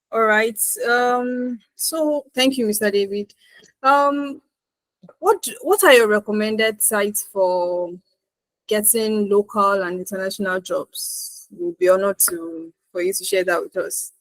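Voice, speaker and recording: A woman's voice: mid-range voice, no room sound, low-quality recording. A woman moderating a question-and-answer session, polite and a little hesitant.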